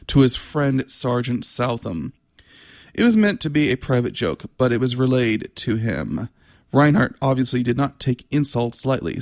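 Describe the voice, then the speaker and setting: A man reads aloud from his own novel, taking his time and sometimes tripping over a word and starting it again. His voice has a gravelly, creaky texture and an unhurried pace. The sound is close and dry, with no room echo. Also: medium pitch, a little mellow. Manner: measured reading with occasional stumbles and restarts.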